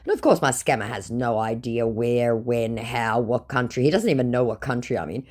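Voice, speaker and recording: A woman's voice: rumbling low, normal speed, hardly any pauses, darkish tone. Dry, sarcastic young woman narrator. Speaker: scambaiter narrating chats. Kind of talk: comedic reading of chat messages.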